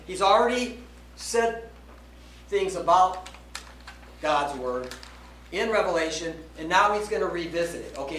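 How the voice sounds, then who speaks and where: A man delivers a sermon with a high, lifted voice, pausing to ask "okay?" and drawing out the words he wants to land. He sounds set back from the microphone in a reverberant room, with a faint ambient hum behind him. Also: fairly bright tone. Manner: emphatic, frequent "okay?" check-ins, slows down to stress key words. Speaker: preacher. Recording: roomy echo, voice from a distance, faint background ambience.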